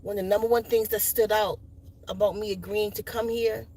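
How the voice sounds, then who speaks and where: A woman's voice: medium pitch, fairly even intonation, a little fast, warm tone, poor audio. A woman on a live stream chatting casually while coaxing and scolding her dogs, often raising her voice.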